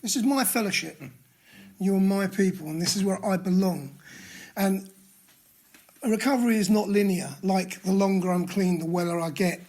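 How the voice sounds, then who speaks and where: A man in his sixties from England, with a London accent and a high, slightly mellow voice at normal speed, shares his story at a recovery meeting in a meeting room. He's candid and self-mocking, frequently restarting his sentences.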